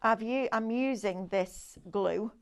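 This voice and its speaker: A woman's voice: fairly high pitch, slow. A woman presenting a live craft shopping demo, chatty and enthusiastic as she shows off the products. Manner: chatty, enthusiastic, sales patter with demonstrations.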